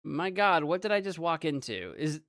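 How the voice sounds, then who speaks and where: American woman streamer, casual gameplay chatter, giggly and rambling, very animated. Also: low voice, moderate pace, no echo, clean studio sound. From United States. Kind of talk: casual let's play commentary.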